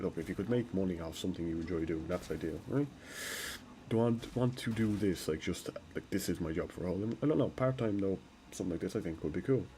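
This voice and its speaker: A man's voice: low-pitched, a little mellow, a little hiss or hum. A man streaming a game live, talking to himself and swearing in frustration, with game music behind him. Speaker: gaming streamer. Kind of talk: live gameplay commentary.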